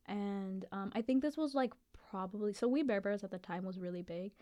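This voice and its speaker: A young adult woman telling a story in a casual chat with friends. She is animated and giggly, and uses many fillers. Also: mid-range voice, a little fast.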